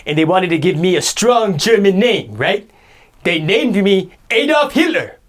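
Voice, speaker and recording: A man's voice: high voice, big pitch swings, a little slow. A man playing a boastful, self-pitying guy who rambles indignant complaints in an improvised comedy sketch.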